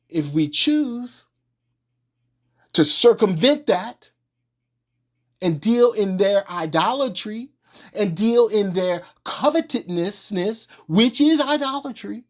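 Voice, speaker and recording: A religious teacher with a mid-range voice gives an informal sermon in colloquial speech. He's emphatic and repetitive, firing off rhetorical questions and restarting phrases.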